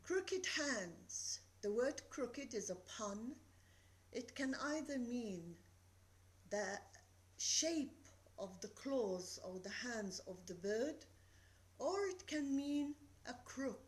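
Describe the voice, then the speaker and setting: A woman giving a recorded literature lecture, reading verse slowly and deliberately and explaining it. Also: a little high, animated, rough recording.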